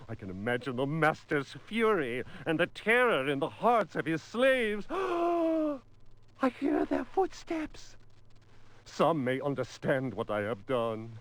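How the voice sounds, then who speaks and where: A man's voice: a little high, huge pitch swings, slow pace, a bit bright, heavily acted. An actor voicing a desperate man's farewell letter in a game, delivered in a dramatic, anguished way with gasps. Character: desperate male mansion owner's farewell letter. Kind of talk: voiced game document reading.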